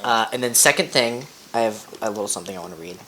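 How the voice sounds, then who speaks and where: A man's voice: on the low side, lively intonation, fast, crowd noise. A young man guesting on a casual podcast, playful and joking, laughing often. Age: young adult. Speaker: guest voice actor.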